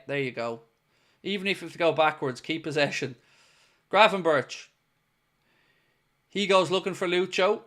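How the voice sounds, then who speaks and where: A man's voice: on the high side, a bit bright. A man hosting a live football watchalong, mixing play-by-play with joking chat to his viewers. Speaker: host.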